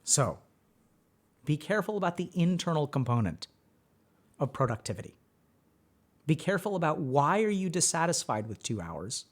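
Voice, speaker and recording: This livestream host, a mental health coach, has a voice on the high side and speaks at a normal speed, pausing often. He delivers advice animatedly, leaning on rhetorical questions and a habitual "right?"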